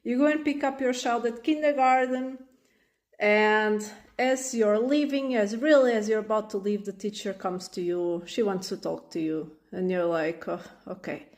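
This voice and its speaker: A woman vlogging about parenting, telling an everyday story in an animated way and acting out the scenes. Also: mid-range voice, normal speed. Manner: animated, acts out the scenes in voices. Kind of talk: casual storytelling monologue.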